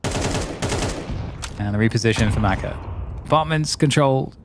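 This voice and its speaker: A man's voice: mid-range voice, lively intonation, very noisy. A man calling an esports match play by play in short, clipped phrases. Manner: quick, clipped play-by-play calls. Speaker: esports commentator. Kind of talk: play-by-play commentary.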